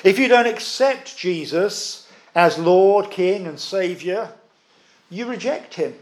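Earnest male preacher, higher-pitched voice, emphatic sermon delivery with deliberate pauses. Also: lively intonation.

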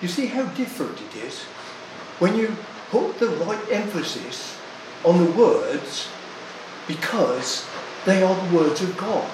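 An older man preaching a sermon, deliberate and emphatic, leaning hard on single words. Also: high voice, sing-song, reverberant, noisy background.

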